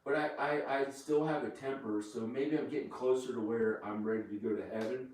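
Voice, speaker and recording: A man talking casually as host, halting and restarting his sentences often, recorded in a room of a house. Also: medium pitch, fairly even intonation, darkish tone. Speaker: channel host. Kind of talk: casual chat. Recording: echoey room, far from mic.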